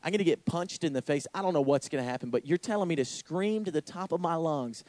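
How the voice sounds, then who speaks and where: A man's voice: on the high side, animated, fast talker, a little mellow, dry recording, pitched above the performer's own voice, close to an everyday voice. A man voicing an anxious man pleading with God while telling a story. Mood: nervous. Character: anxious man praying in a mall.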